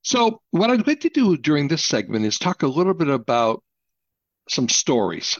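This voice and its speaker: A man's voice: on the high side, big pitch swings, moderate pace, no echo, muffled recording. A man hosting a radio talk show, introducing guests with upbeat energy.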